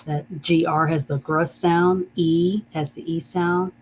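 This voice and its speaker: Woman teacher on a live stream, talks real slow and drawn out, lowish voice, faint hum behind. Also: fairly even intonation, low-quality recording. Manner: slow, warm and encouraging, greets chat viewers; drawn-out careful pronunciation of words. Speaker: online reading teacher. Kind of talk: live-streamed reading lesson.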